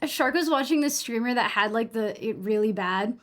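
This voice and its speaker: A woman's voice: a little high, expressive, moderate pace, fairly bright tone. A young woman with a New England accent chatting casually while gaming on a live stream, rambling, saying "like" a lot and swearing freely.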